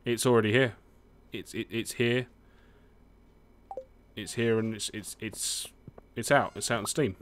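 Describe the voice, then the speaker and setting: A man's voice: on the low side, fairly even intonation, measured pace, fairly bright tone, slight background noise. A young British man from the UK, chatting casually while he plays a farming game, swearing often and humming to himself. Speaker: gaming streamer. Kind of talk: casual let's-play commentary.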